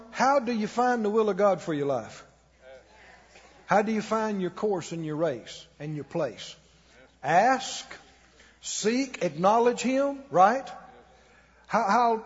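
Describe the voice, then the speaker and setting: High, husky-voiced preacher in a reverberant church. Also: male voice, muffled recording. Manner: emphatic, calls the congregation to repeat after him. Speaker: pastor. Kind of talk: sermon. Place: church sanctuary.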